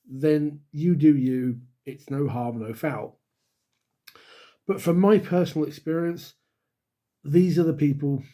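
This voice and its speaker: A middle-aged British man with a fairly high pitch and dark tone hosts his own YouTube channel as a dungeon master. Speaking straight to camera, he shares candid, wry opinions, with dry asides and the odd sigh.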